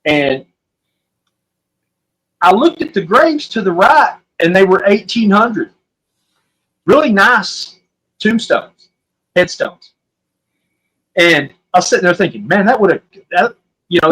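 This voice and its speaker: A man's voice: high-pitched, fairly bright tone, rough recording. A man with an Oklahoman accent, telling a story as a podcast guest in a rambling, folksy way. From Southwest Oklahoma. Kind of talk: casual storytelling.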